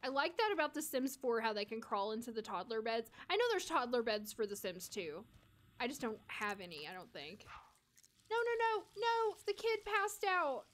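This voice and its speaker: A woman's voice: on the high side, sing-song, normal speed, fairly bright tone. A woman from the United States streaming a life-sim game, chatting casually with viewers and talking to the characters.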